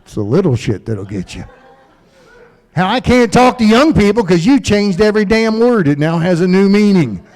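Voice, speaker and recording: A man's voice: high voice, very animated, normal speed, a little mellow. A middle-aged man doing profane stand-up in a comedy club, ranting and telling stories on a stage mic.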